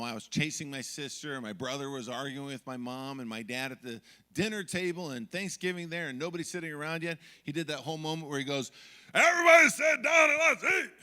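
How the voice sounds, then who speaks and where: A middle-aged man preaching a sermon as pastor, telling stories from family life and acting out yelling moments. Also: medium pitch, long reverb tail. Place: church sanctuary.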